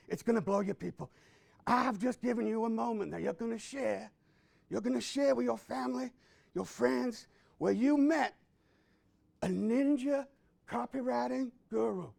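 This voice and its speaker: A man playing a brash, self-obsessed male copywriting guru in a live stand-up character bit, loudly bossing and bragging to the audience. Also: very high voice, creaky, heavily acted. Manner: loud, boastful, bossy with audience. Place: live audience event indoors.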